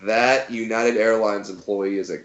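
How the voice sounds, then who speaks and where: Man, comedian, animated storyteller, low voice, roomy dull recording. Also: normal speed. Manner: animated, acts out quotes in funny voices. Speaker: guest comedian. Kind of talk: casual interview storytelling.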